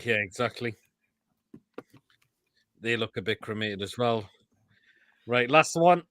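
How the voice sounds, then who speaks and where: A man with an English accent hosting a casual live stream, reading out viewer comments, swearing freely and laughing loudly. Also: mid-range voice, animated, slow. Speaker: show host.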